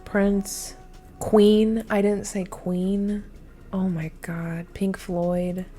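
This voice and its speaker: Woman mumbling thru a trivia quiz, slow and mellow, low-ish voice, faint music behind. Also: flat delivery. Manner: flustered, muttering, many ums. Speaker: quiz video creator. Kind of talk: casual thinking aloud during a quiz.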